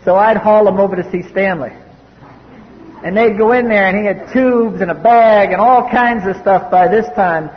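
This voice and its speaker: High-voiced blunt man telling his story. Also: normal speed. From US East Coast. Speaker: recovery meeting speaker. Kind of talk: personal testimony talk. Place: meeting hall. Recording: dull old cassette tape in a reverberant hall.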